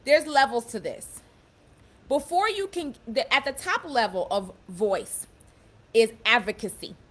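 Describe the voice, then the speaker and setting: A young woman giving a casual motivational talk, emphatic and warm, often repeating and restarting her phrases as she explains. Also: a little high, expressive, a little slow. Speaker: self-empowerment speaker.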